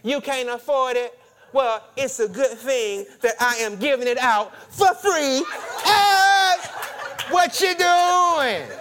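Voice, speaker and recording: A man in a sermon voicing his wife as a sassy, teasing woman, taunting him in a high singsong voice. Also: slow pace, bright, forceful tone, full character voice.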